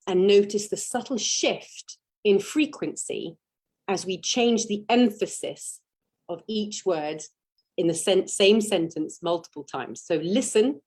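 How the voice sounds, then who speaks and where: A woman gives a spiritual teaching slowly and deliberately in a meditative manner, leaning on single words for emphasis. Her voice is medium-pitched and darkish with a breathy edge.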